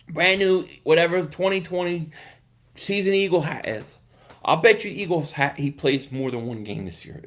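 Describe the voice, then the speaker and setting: High-pitched guy on a sports livestream reading chat, loose and rambly, repeats himself a lot. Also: a bit bright. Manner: casual, thinks aloud, repeats words. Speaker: host of a sports live stream. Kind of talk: live-stream chat reading viewer comments.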